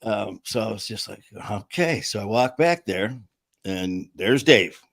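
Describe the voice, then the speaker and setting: A man's voice: on the low side, expressive, unhurried, a bit bright, no room sound. A man hosting a casual talk, telling a story with lots of fillers, laughs and acted-out quotes. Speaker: show host.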